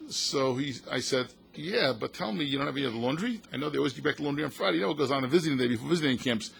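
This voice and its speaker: Very fast and medium-pitched with vocal fry, the voice of an older American rabbi comes through a little hiss or hum. He tells stories in a passionate talk at a synagogue event hall, acting out quotes and blending Yiddish and Hebrew words into his speech.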